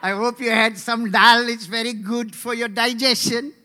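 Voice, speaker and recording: A man voicing a cheerful, overly polite Indian movie villain who chats warmly. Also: sits high, sing-song, takes it slowly, heavily acted.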